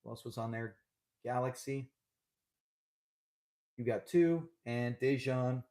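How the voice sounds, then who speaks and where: A man's voice: medium pitch, slow, a little mellow. A man hosting a live trivia stream, talking in a chatty, upbeat way and laughing often. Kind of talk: casual live-stream chat.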